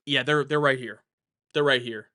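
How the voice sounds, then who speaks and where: A man's voice: medium pitch, fairly even intonation, normal speed, bright, forceful tone. A young man casually hosting a live stream from home, answering viewer questions in a rambling, jokey way, often correcting himself mid-sentence.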